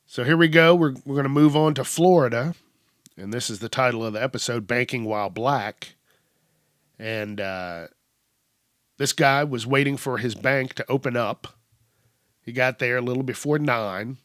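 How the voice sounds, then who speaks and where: A man's voice: mid-range voice, moderate pace, no room sound. Young guy ranting through the news on his podcast, cussing a lot, dry close sound. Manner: profane, animated retelling with acted quotes. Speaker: podcast host. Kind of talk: casual news commentary.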